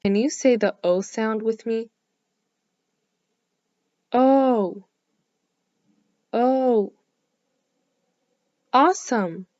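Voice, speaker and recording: A woman teaching phonics to young children, speaking slowly and clearly, with lots of encouraging praise and drawn-out vowel sounds. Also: a little high, no echo, dull audio. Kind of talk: slow, clearly enunciated lesson for young children.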